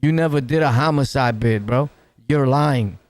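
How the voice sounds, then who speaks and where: Heard close-miked with no echo, a New York-accented man streams his reactions to clips in casual commentary packed with street slang and laughter. His pitch is medium and his pace moderate.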